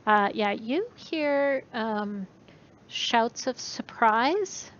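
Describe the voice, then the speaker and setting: A woman narrating as game master of a tabletop game, unhurried and using many fillers. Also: expressive. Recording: muffled recording with faint rumble.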